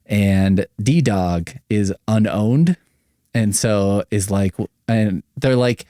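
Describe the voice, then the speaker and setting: A man's voice: fairly low pitch, slow pace, dark tone, dry recording, clean studio sound. A man hosting a solo podcast, rambling and swearing casually, and making fun of himself. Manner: rambling, profane, self-mocking. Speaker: podcast host.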